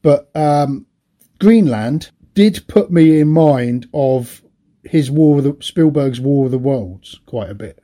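A man's voice: mid-range voice, lively intonation, slow, dark tone. A middle-aged man co-hosting a podcast, chatting about films in a rambling, anecdotal way and laughing often. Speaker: podcast co-host. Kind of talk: casual film chat.

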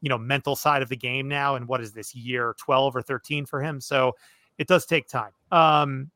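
A man hosts a relaxed podcast chat in a bright, forceful voice. He reasons through his points with a lot of "you know" and restarts. The recording is dry, with no room sound. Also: medium pitch, normal speed, no echo. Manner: thoughtful, analytical, many fillers and restarts. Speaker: podcast host. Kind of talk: casual chat.

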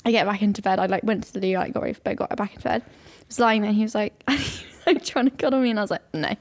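A young woman, co-hosting a podcast in a chatty, giggly way. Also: mid-range voice. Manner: rapid, chatty, giggly, many "like" fillers. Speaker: podcast co-host. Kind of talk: casual chat.

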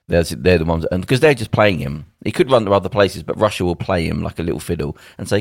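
A man co-hosts a podcast from home over a video call, talking fast with a deep, gravelly, animated voice and hardly pausing. He rambles emphatically and acts out what people might say. His home mic gives a clean, studio-like sound with no echo.

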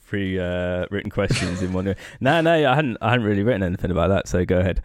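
A man in his thirties hosting a podcast, asking quick, friendly follow-up questions in casual chat. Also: sits low, animated, dry recording, studio quality. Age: 30s. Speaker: podcast host.

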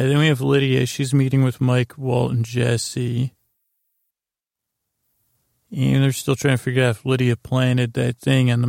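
A man hosting a sleep podcast, recapping a TV episode in a halting, rambling way with lots of fillers and restarts. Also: creaky, no echo, studio quality. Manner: low-key, flat retelling of dialogue. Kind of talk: meandering bedtime recap of a TV episode.

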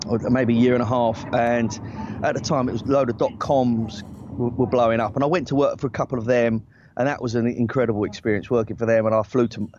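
A man's voice: mid-range voice, fairly even intonation, fairly quick, darkish tone, slight background noise. A man in his forties, a talent agent and guest, telling stories in a rambling, self-deprecating way, with many restarts and laughs. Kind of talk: casual anecdotal chat. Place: outdoors in a hammock. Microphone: earbuds. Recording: dry, slightly dull sound.

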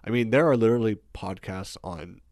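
A low-voiced man in a casual podcast chat, speaking earnestly and with a motivational push. He fills his speech with "you know" and "I mean". The recording is dry and close to the mic. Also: a little fast, a little mellow, dry recording. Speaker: guest, business owner. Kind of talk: casual conversation.

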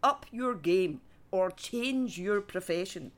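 A woman's voice: mid-range voice, expressive, takes it slowly. A woman on a comedy podcast panel, ranting with incredulous exclamations.

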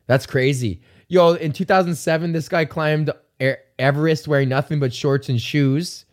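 A man's voice: medium pitch, darkish tone. Rambling, profane male podcast host. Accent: Canadian. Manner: rambling, profane, joking, with many fillers. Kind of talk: casual solo rant.

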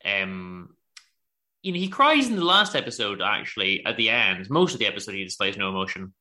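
A man co-hosting a podcast, telling a story in a sarcastic, animated way. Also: fairly low pitch, brisk. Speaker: podcast co-host. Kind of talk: casual chat reviewing a show.

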